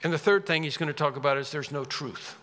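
A man preaching a sermon in a bright, fairly high voice that carries a lingering reverb from a large church hall. He presses his points hard and repeats key phrases, each time with more force. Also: fast talker.

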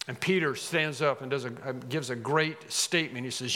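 A man preaching a sermon, animated, acting out quoted lines with rising emphasis. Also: medium pitch, normal speed, big-room sound.

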